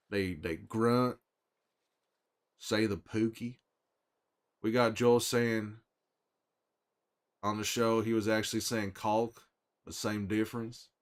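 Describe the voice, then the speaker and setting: Weary middle-aged survivor voiced by a man, drawl, low voice, folksy, livestream chat. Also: close to an everyday voice. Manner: drawling, folksy, chats with viewers by name. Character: weary middle-aged male survivor, gruff but friendly. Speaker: streamer in character.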